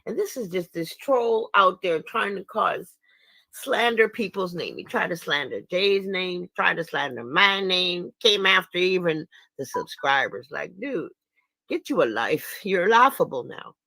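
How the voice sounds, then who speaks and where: A woman's voice: lowish voice, lively intonation, a little slow, vocal fry, sharp tone, no echo. A woman giving casual, indignant livestream commentary as an activist, emphatic and laughing scornfully at her critics.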